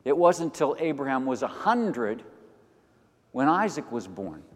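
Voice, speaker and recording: An older man preaching a sermon as pastor, animated, moving between quiet asides and loud emphatic lines. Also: medium pitch, a little slow. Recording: long hall reverb.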